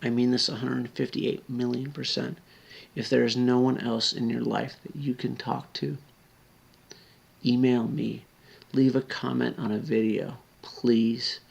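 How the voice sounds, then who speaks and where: Drunk man, near tears, gravelly slurred pleading that sinks to whispers. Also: medium pitch, level tone, unhurried. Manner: earnest, pleading, drops to whispers. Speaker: video blogger. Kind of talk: emotional direct-to-camera appeal.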